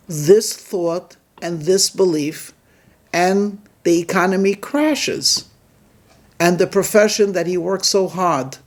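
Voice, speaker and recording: A man giving a sermon as a rabbi, telling a story and drawing its lesson in a measured, deliberate way. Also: high-pitched. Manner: measured, deliberate delivery with emphatic pauses.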